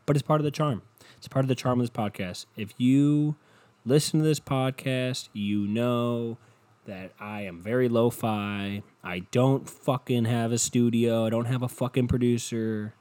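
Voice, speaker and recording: A young man hosting a rambling solo podcast from home, swearing a lot and mocking himself, dropping from low mutters into loud bursts. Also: fairly even intonation, unhurried. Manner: profane, self-mocking, drifting between muttering and loud bursts. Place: home, no studio. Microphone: home podcast microphone.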